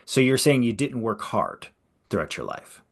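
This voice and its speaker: A man's voice: mid-range voice, normal speed, vocal fry. Podcast host guy, voice swings up and down a lot, sarcastic, loves rhetorical questions. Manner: animated, sarcastic, asks pointed rhetorical questions. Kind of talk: conversational podcast interview.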